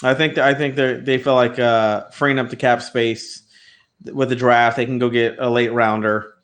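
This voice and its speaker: A man co-hosting a casual sports talk show, animated and slangy, often slipping into quoting others. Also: medium pitch, moderate pace. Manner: animated, slangy, quotes others in put-on voices. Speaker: sports podcast co-host. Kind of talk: casual chat.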